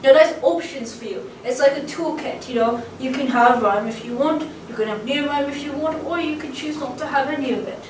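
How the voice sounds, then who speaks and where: Her voice sits high with a darkish tone, and she talks a little fast with few pauses, far from the camcorder mic. A poetry teacher in a casual lecture, she is chatty and full of ums and uhs, tapping out stress patterns aloud in an echoey room with faint background hum.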